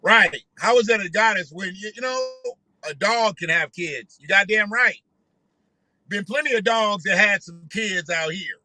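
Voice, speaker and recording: A man's voice: high-pitched, normal speed, sharp tone, no echo, poor audio. A man hosting a casual reaction commentary, joking and talking loosely with some profanity. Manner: laughing, joking, loose and profane street talk. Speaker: commentary vlog host.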